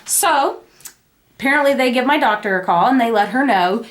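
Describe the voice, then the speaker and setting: A young woman casually telling her family the story of a birth, acting out the quoted lines. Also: moderate pace. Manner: animated, acts out the quoted lines in a high voice. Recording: echoey room.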